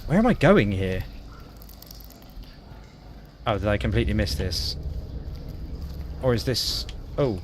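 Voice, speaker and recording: A man's voice: on the low side, sing-song, slow, pauses often, a little hiss or hum. A man from Wales chatting as a gaming streamer, reacting with disgust and cracking self-deprecating jokes. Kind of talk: casual gaming commentary.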